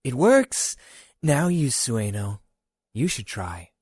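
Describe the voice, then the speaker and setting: A man voicing a sly, teasing young woman in a storybook reading, speaking softly and coyly. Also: lowish voice, moderate pace, slightly rough, no echo, clean studio sound. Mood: insistent. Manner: soft, coy, sometimes hushed.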